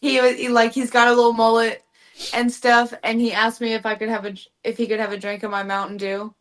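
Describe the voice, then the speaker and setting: A woman's voice: on the high side, completely flat delivery, a little fast, fairly bright tone. A woman with a Southern US accent, chatting casually on a podcast as co-host, laughing and swearing freely. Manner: laughing, profane, joking.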